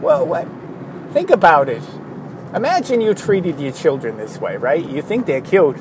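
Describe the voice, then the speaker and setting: A man's voice: fairly high pitch, normal speed. A tired man rambling casually through a vlog, wandering off on self-mocking tangents. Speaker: vlogger. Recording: steady traffic noise behind.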